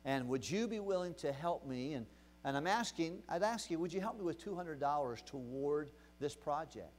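A man preaching as a pastor, telling a story from his ministry with animated, shifting emphasis. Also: fairly high pitch, slight background noise. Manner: animated, swings between loud emphasis and quiet retelling. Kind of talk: sermon storytelling.

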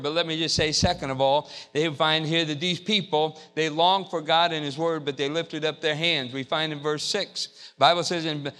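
Man, pastor, call-and-response sermon, high voice. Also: bright, forceful tone. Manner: call-and-response preaching, repeating phrases. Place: church sanctuary.

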